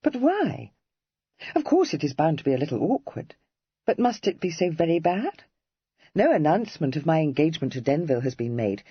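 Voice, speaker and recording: A woman's voice: low voice, slightly rough, no room sound, dull audio, heavily acted. A narrator voicing Cressy, a witty, playful young woman of the Regency era, read in an audiobook. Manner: playful, teasing, quick-witted. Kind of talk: audiobook character reading.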